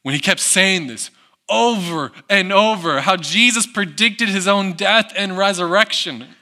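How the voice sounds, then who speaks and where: A man preaching a sermon, who acts out the people in the story and drops to a hush on reflective lines. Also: high voice, unhurried. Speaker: pastor.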